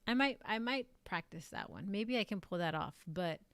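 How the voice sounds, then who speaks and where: A woman's voice: mid-range voice, animated, moderate pace, a bit bright, no echo. A young woman chatting casually on her live stream, rambling and filling her talk with likes and ums. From United States.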